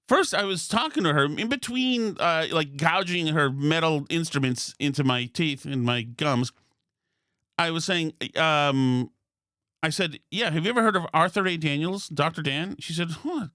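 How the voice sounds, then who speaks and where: A man from Massachusetts hosting a podcast, telling a long comic story in a rambling, deadpan way with incredulous asides. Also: on the high side, unhurried, no echo, clean studio sound. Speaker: podcast host. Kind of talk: comedic storytelling monologue.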